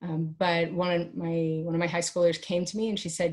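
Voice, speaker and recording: A middle-aged woman speaking as an expert guest in an interview, giving parenting advice in an animated way and acting out family dialogues. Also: brisk, hardly any pauses. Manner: animated, acts out family dialogues with big pitch jumps. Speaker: guest expert on teen mental health.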